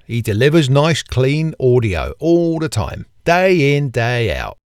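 A man's voice: medium pitch, sing-song, slow, clean tone, no room sound, studio quality. A man putting on an East End Cockney accent as a cheeky, laid-back working man. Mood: chirpy.

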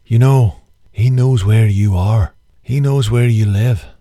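A man putting on a grave Irish voice as a deliberate, threatening tough guy. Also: lowish voice, mellow, dry recording, clean studio sound. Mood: menacing.

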